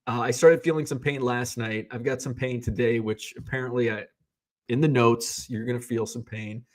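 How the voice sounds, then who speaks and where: A man's voice: mid-range voice, steady tone, moderate pace. A man telling a personal story in a rambling, casual way, with loose swearing and plenty of quoted back-and-forth. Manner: rambling, conversational, swears casually, retells scenes in quoted voices. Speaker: hobby vlogger.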